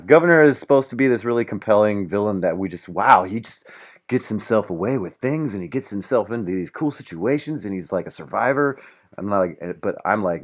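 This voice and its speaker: A man hosting his own podcast, talking alone in a loose, profane, rambling way with many fillers. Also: low-pitched. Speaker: podcast host. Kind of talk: casual solo podcast monologue.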